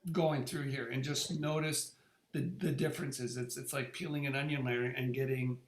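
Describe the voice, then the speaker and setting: Halting middle-aged man in an echoey room. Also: mid-range voice, flat delivery, a little hiss or hum. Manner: halting, repeats words and restarts often. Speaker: presenter sharing his experience. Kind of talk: casual conversational talk.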